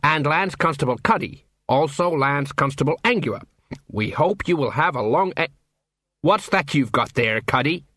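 A man's voice: a little high, animated, moderate pace, a bit bright, no room sound, clean studio sound. A man voicing a flustered, pompous middle-aged watch sergeant who talks in a hesitant sing-song. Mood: blustering.

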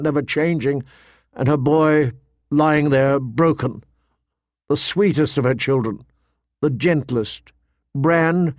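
A man narrating an audiobook in a measured, somber storytelling manner. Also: on the high side, no room sound, studio quality. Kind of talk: scripted narration.

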